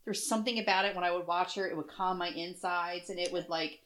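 A woman's voice: fairly low pitch, fairly even intonation, quick pace, a bit bright. A woman co-hosting a casual podcast chat, chatty and gushing, with frequent laughter and repeated words. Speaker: podcast co-host.

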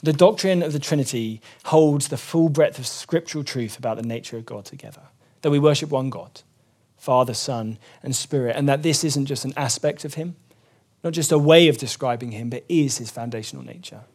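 A man's voice: mid-range voice, fairly quick, darkish tone. A man preaching a sermon, earnestly explaining scripture and rising emphatically when he quotes it.

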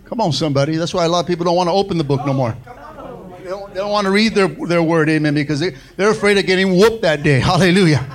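A man preaching a sermon to his church, calling for amens and swinging from loud, quick bursts to slow, soft passages. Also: sits high. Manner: preaching with call-and-response, repeated "amen" and "come on". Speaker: pastor.

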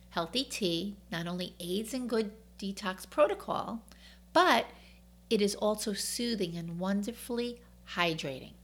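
A woman's voice: a little high, fairly bright tone. Upbeat woman with a New York accent. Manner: upbeat, enthusiastic, chatty asides. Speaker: wellness author and host. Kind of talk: scripted wellness talk to camera.

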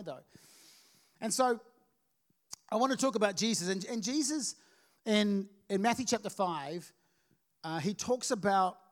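A man with a notably high voice preaches to his church, telling stories with lots of energy. He keeps restarting his sentences as the thoughts tumble out. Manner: storytelling, energetic with frequent restarts. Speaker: pastor. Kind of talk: sermon. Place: church service.

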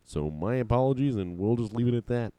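A man's voice: mid-range voice, expressive, a little fast, mellow, smooth, dry recording, lightly acted. A man putting on a sportscaster's voice to read a formal on-air apology, in a dry studio sound.

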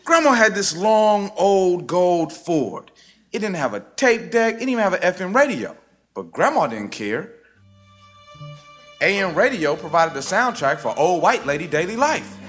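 A man performing a personal story live on stage, with a rhythmic, theatrical delivery that swings sharply in pitch and loudness. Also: very animated, moderate pace. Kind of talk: live spoken-word storytelling. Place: stage before a live audience. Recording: live stage recording with music bed underneath.

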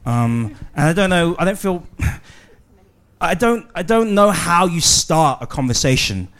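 A man hosting a live comedy podcast, halting and mock-bossy with many fillers. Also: a little high, big pitch swings, fairly bright tone.

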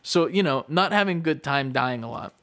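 Animated young man telling a story. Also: on the high side, normal speed. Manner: animated storyteller, acts out quoted lines, swears freely. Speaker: podcast co-host. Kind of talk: casual chat.

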